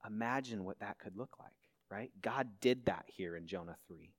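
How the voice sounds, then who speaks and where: A male pastor preaches a sermon in a church hall, earnestly putting many questions to the congregation. His voice is fairly low and he speaks at a normal speed.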